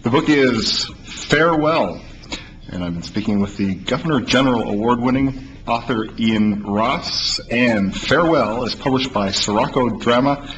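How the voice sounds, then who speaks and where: A man's voice: mid-range voice, a little slow, a bit bright. A man interviewing an author, asking brief, plain questions. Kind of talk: broadcast interview. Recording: slightly muffled with faint hiss.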